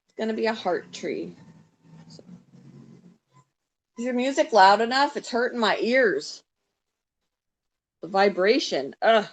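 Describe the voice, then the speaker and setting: Soft-spoken woman chatting while crafting. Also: on the high side, expressive, measured pace, pauses often. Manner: soft, rambling, talks to herself while working. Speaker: vlogger chatting with live viewers while crafting. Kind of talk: casual live-stream chat.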